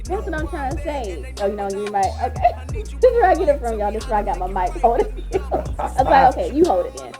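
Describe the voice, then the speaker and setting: A woman's voice: a little high, sing-song, a little fast, over music. A married woman in casual group chat, speaking earnestly and acting out what others say. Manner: earnest, acts out quoted speech. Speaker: married couple panelist.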